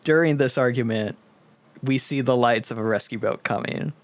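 A young man in casual chat, easygoing and quick to laugh as he pitches story ideas. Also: no room sound. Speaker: co-writer.

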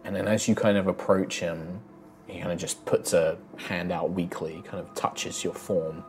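A man's voice: low-pitched, fairly even intonation, moderate pace, soft background music. A man acting as game master, narrating a tabletop game with frequent ums and restarts. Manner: hesitant, filler-heavy narration.

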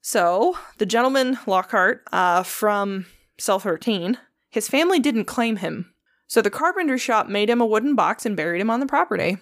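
A woman's voice: mid-range voice, lively intonation, moderate pace, no room sound, clean studio sound. A woman casually retelling a story on a podcast, swearing freely and acting out the quotes. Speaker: podcast host.

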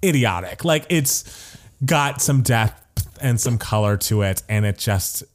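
A man co-hosting a podcast talks in a relaxed, chatty way at a mid-range pitch. He gushes with excitement, laughs often and fills his sentences with "like". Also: a little slow. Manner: enthusiastic, laughs often, says "like" a lot. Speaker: podcast co-host. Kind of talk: casual chat.

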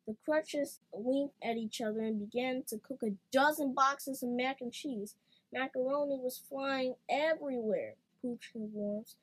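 A woman reading a children's storybook aloud in an expressive, playful way. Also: a little high, a little slow, rough recording.

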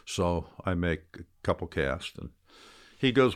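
A deep-voiced older man recounts his fishing adventures in a loose, rambling way. His stories lean into self-mocking humor, and his energy rises and dips as he talks. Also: big pitch swings, unhurried. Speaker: guest; fly fisherman. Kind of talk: storytelling in casual interview.

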